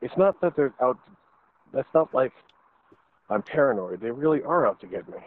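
A man chatting with a friend, animated and joking as he tells stories. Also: mid-range voice, moderate pace. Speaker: friend on a call. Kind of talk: casual chat. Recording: tinny phone line with faint noise and clicks.

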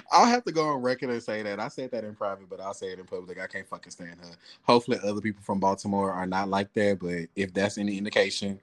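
A man's voice: lowish voice, animated, fast talker, no echo. A man co-hosting a podcast in casual chat, candid, swearing freely and laughing often. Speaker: podcast co-host.

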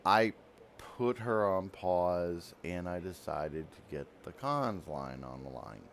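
A man's voice: sits low, animated, slow pace, creaky, a little hiss or hum. A man hosting a radio program, telling a long story in a rambling, self-interrupting way. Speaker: radio program host and writer. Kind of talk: casual storytelling monologue.

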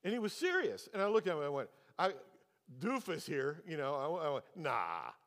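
A man's voice: big pitch swings, fairly quick, fairly bright tone. A man in his sixties preaching a sermon, telling a story and acting out its dialogue. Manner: storytelling, acts out dialogue with pitch jumps. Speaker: pastor. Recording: long hall reverb.

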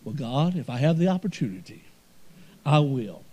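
A male pastor preaching a sermon, swinging between emphatic swells and quiet storytelling. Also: mid-range voice, sing-song, moderate pace.

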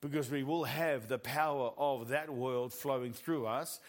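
A man's voice: medium pitch, a little slow. A middle-aged man with a New Zealand accent preaching a sermon, telling stories with animation and laughing at his own jokes.

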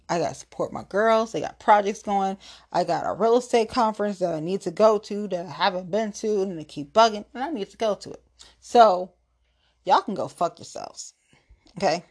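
A woman's voice: medium pitch, a little mellow. A woman hosting her own podcast, a tipsy solo rant that is blunt, profane and threatening. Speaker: podcast host.

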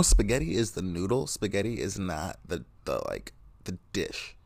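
Man, podcast host, profane sarcastic rambling monologue, dry close recording, low voice. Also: big pitch swings, normal speed, vocal fry, no room sound. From United States. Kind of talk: casual comedic monologue.

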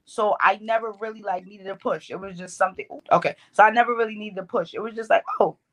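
Speaking fast at a medium pitch, this interview guest is a young poet from the Bronx with a New York accent. She tells her stories with animation, keeping things loose and slangy and full of fillers.

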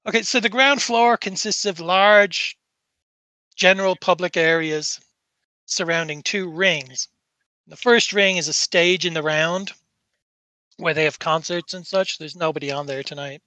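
Bright-voiced man running a tabletop game. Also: a little high, no echo. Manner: rambling, with many fillers and restarts. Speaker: game master.

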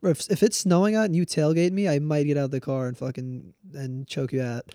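A young man talks fast on a casual podcast, blunt and slangy. His voice is dark and mellow, recorded close and dry. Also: fairly high pitch, fairly even intonation, dry recording. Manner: quick, blunt ranting with slang and swearing. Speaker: podcast co-host. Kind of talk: casual chat.

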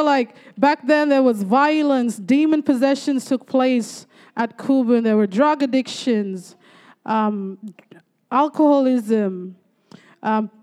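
High-voiced woman. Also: clean tone. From Torres Strait, Australia. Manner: lively storytelling with frequent praise interjections. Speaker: church speaker giving testimony. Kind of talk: church testimony.

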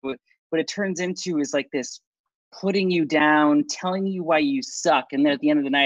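A man hosting a casual chat show, emphatic and quick to jump in over his guests. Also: fairly high pitch, no room sound, lo-fi sound. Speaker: podcast host.

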